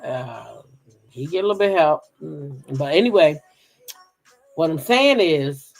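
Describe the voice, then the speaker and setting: A woman's voice: low voice, animated, a little slow, vocal fry, darkish tone. A middle-aged woman hosting a gossip channel, chatting frankly with her viewers in a casual live stream, reading their comments and swearing freely.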